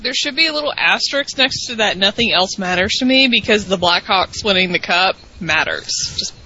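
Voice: mid-range voice, animated, normal speed, pushed and bright, dull audio, a little hiss or hum. A playful, wisecracking co-host in a casual chat. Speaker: podcast co-host.

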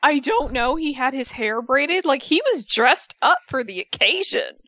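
A woman co-hosting a casual wrestling podcast, animated and acting out quotes as she talks. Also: sits high, measured pace, no room sound, dull audio. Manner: animated, acts out quotes in voices. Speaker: podcast co-host.

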